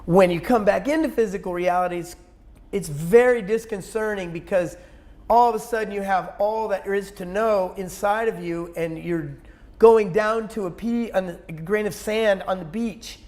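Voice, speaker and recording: A man with a notably high voice tells a personal story as a guest in a conversation. He rushes through it intensely and breaks into sudden loud outbursts. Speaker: interview guest.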